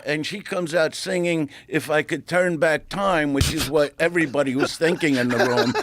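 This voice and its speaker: A man telling a profane, animated comedy story in casual conversation. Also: a little high, normal speed, hardly any pauses, dry recording. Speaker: comedian guest.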